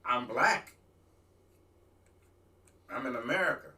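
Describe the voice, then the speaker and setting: A man, a talk show host, telling a rambling, animated story in a casual talk-radio monologue. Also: mid-range voice, takes it slowly, far from the mic. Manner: rambling, animated, restarts and asides.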